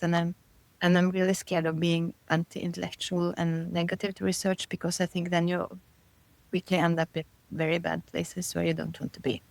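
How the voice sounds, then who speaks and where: A middle-aged woman is a guest in a casual interview, speaking thoughtfully, searching for her words, and often breaking into light laughter between thoughts. Her voice is on the low side, and the audio is poor with no echo.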